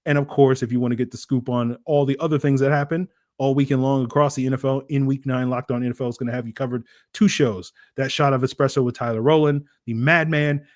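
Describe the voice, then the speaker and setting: A young man hosts a sports podcast in a loose, chatty way, rambling through his takeaways and poking fun at himself. His voice sits in a middling pitch, and the sound is dry and close with no room around it. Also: fairly even intonation, fast, few pauses, no room sound. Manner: chatty, rambling, self-mocking. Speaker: podcast host. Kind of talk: casual sports analysis.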